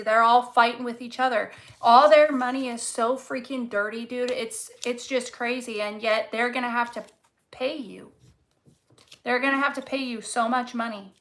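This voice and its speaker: Fervent, bright-voiced tarot-reading woman. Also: on the high side, rough recording. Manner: emphatic, swears freely, repeats key words; fervent, encouraging, slangy. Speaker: tarot reader. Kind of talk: casual tarot reading to camera.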